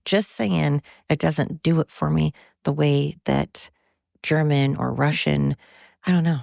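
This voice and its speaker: A tired American podcast host rambles through a casual monologue, cursing freely and drifting from tangent to tangent. The voice has a gravelly texture. The recording is dry and dull, with a muffled lo-fi sound. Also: medium pitch, fairly even intonation, slow pace, darkish tone, dry recording. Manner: rambling, profane, goes off on tangents. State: tired from overwork.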